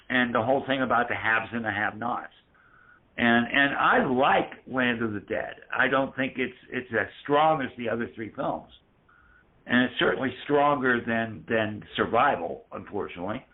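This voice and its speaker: A man co-hosting a casual podcast, talking haltingly and repeating words as he goes. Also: mid-range voice, animated. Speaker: podcast co-host. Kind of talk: casual chat. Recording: tinny phone-like line.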